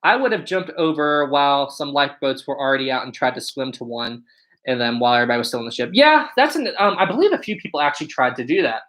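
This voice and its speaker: Young man in his twenties, livestream host, bright and upbeat, chatty, grateful to the chat. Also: mid-range voice, animated, fast talker, poor audio. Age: 20s. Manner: upbeat, chatty, thanks viewers often. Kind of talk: casual live-stream chat answering viewer questions.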